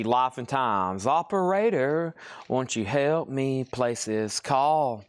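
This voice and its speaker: Male auction host for a live record sale, mid-pitched, brisk and businesslike price-calling. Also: a bit bright. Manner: brisk, reads off prices and bids. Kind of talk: live-stream auction patter.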